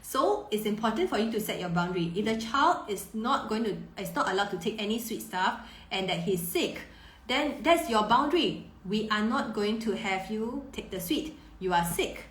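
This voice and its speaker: A woman in her thirties, a parenting coach answering viewer questions on a live stream, warm and reassuring, often repeating words as she thinks. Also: mid-range voice, animated, normal speed, a little hiss or hum. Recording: roomy echo.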